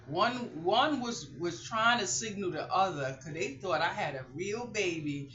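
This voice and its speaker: A woman's voice: lowish voice, measured pace, a little hiss or hum. A middle-aged woman chatting casually to her viewers, rambling through stories from her day. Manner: chatty, rambling, animated storytelling. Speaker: vlogger. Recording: roomy and slightly muffled.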